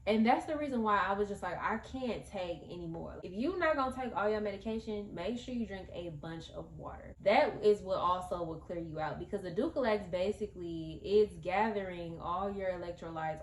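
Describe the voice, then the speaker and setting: A woman's voice: mid-range voice, echoey room, a little hiss or hum. A woman telling a story in a casual vlog, chatty and rambling, talking straight to her viewers. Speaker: vlogger.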